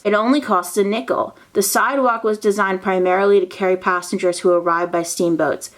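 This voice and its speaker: A woman narrating history in a casual way, reading old newspaper text and breaking off into excited asides, playful mock dialogue and soft whispers. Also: mid-range voice.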